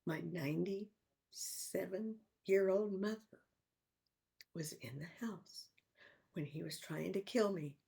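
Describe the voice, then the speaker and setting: An older woman in a personal vlog, talking in a halting, reflective way with sighs and restarts. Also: fairly low pitch, gravelly, dark tone, slightly rough. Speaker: vlogger.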